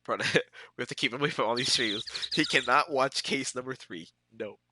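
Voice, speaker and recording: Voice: medium pitch, fairly quick, noisy background. Casual, giggly streamer with a stuffy cold voice. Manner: chatty and giggly. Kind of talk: casual let's-play chat. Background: loud game music.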